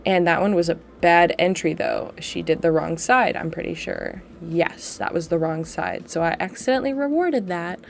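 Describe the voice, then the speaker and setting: A woman's voice: on the low side, normal speed, vocal fry, few pauses, slight background noise. A woman dog agility trainer giving a chatty, self-deprecating voiceover on her training footage, laughing often as she talks from home.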